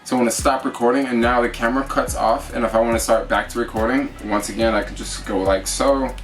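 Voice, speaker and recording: A man's voice: medium pitch, steady tone, fast talker, distant mic, faint music behind. A man vlogging casually while demonstrating his camera setup, rambling with fillers, talking into a small camera mic. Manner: chatty, rambling, lots of fillers. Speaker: travel vlogger. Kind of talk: casual gear demo. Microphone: GoPro with attached shotgun mic.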